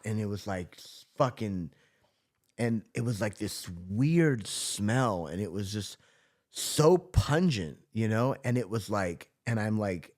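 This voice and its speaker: A man with a lowish voice, from Southern California, spins a war story from his years as a correctional officer. He talks loosely and swears freely, piling up filler words as he goes, in an easy interview chat. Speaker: podcast guest, former correctional officer.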